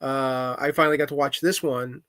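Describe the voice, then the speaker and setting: A man's voice: mid-range voice, steady tone, normal speed, a bit bright, dry recording. A man co-hosting a podcast in casual chat, talking with many fillers and restarts. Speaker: podcast co-host.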